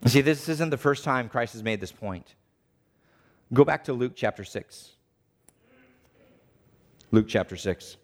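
A man preaching a sermon, animated, acting out the voices of the people he quotes. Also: mid-range voice, unhurried, long pauses.

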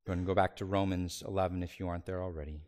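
A man preaching a sermon as pastor, swinging between loud, raised passages and hushed, near-whispered phrases, and slowing down to stress key words. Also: sits low, steady tone. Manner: slows down on key words for emphasis.

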